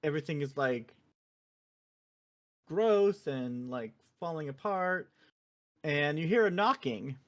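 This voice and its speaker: A woman hosting a podcast, casually retelling a video game in a profane, animated way full of fillers. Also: low-pitched, slow, pauses often. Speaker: podcast host.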